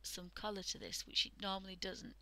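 A woman's voice: medium pitch, little pitch movement, a little fast, poor audio. A woman from the UK hosting a live art stream, talking casually and often half-whispering as she demonstrates drawing. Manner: soft, often half-whispered while working, chatty with fillers. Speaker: art livestream host.

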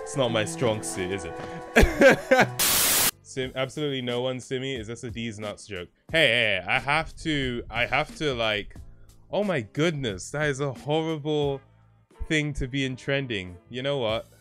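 A man's voice: medium pitch, expressive, a little slow, bright, forceful tone, soft background music. A man streaming casually, joking and laughing about his own voice acting.

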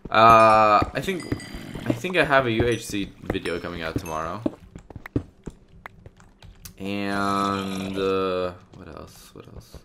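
A man's voice: deep voice, background noise. A man giving casual let's-play commentary as a gaming YouTuber, chatty and rambling as he plays. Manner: rambling, chatty, many fillers and restarts.

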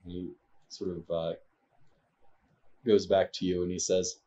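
A low-voiced man narrates a tabletop game as its game master, often pausing on fillers. His mic sounds dull and lo-fi. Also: level tone, dark tone, a little hiss or hum. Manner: hesitant, filler-heavy narration.

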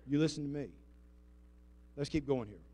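A male pastor with a fairly high voice, preaching with lively, dramatic swings in loudness. He calls out to the congregation and draws it into call-and-response, moving from booming lines to soft, close asides. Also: normal speed. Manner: dramatic swings in loudness, shifting between emphatic and hushed. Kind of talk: sermon. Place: church sanctuary before a congregation.

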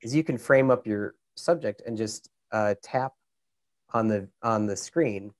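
A man's voice: lowish voice, unhurried. A man with a Minnesota accent, a camera expert casually explaining settings step by step over a video call, with lots of fillers.

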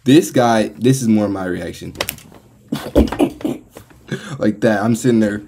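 An American man hosting a reaction video, talking casually and getting excitable as he comments and laughs along. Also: fairly low pitch, normal speed, creaky, noisy background. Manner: excitable, laughs and exclaims often.

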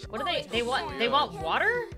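A woman hosting a let's play, commenting in an excitable, playful way with quick reactions. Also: fairly high pitch. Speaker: gaming channel host. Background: faint game music.

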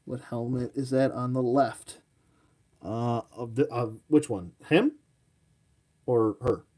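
A man's voice: mid-range voice, slow pace, warm tone. A man hosting a live toy showcase, chatting casually in a rambling, self-mocking way and talking to his dog. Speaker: toy collector host.

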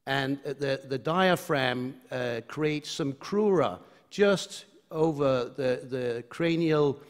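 A man's voice: mid-range voice, takes it slowly, lightly acted. A man doing a brief German-accented impression of a male professor explaining anatomy in a mock-scolding tone. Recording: long reverb of a lecture hall.

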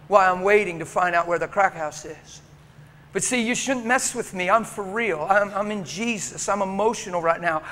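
A middle-aged male pastor telling a story in a sermon, acting out the dialogue with emotion. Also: high-pitched. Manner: animated, acts out dialogue, emotional. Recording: reverberant hall with faint noise.

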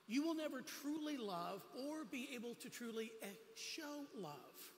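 A man's voice: very high-pitched, expressive, a little slow, big-room sound, slight background noise. A man giving a sermon as a guest preacher at a church, telling personal stories with humorous asides. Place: church sanctuary.

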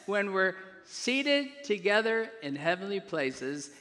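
A male pastor preaching a sermon, putting questions to the congregation and swelling louder on key phrases. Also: on the high side, normal speed. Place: church sanctuary. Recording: long hall reverb.

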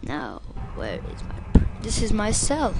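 A woman's voice: mid-range voice, huge pitch swings, unhurried, heavy background noise. A woman giving loose gameplay commentary, mocking the characters with frequent laughter and sudden outbursts. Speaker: let's play gamer.

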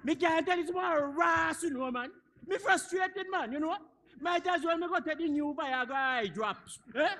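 An actor, playing a frustrated, hot-tempered old husband in a stage comedy. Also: male voice, very high voice, normal speed, pushed and bright. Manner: wheedling, then blustering.

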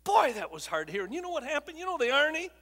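An older man giving an emotional testimony as a guest speaker in a church, dropping to a hush and then rising to loud, dramatic peaks as he tells his story. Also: very high-pitched, sing-song, racing. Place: church auditorium. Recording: long hall reverb.

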